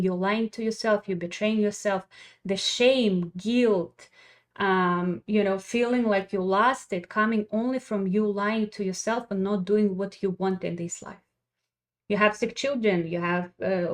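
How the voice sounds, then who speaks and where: A middle-aged woman talks straight to her listeners as a wellness coach. Her voice sits a little high, and she speaks bluntly and emphatically, swearing freely as she pushes hard self-honesty. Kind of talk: motivational monologue.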